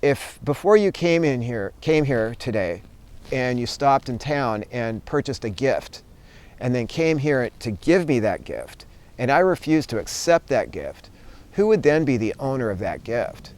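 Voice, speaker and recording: A man voicing a calm, unshaken spiritual teacher who answers gently in a smooth voice. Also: medium pitch, a little slow. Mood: patient. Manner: calm, patient.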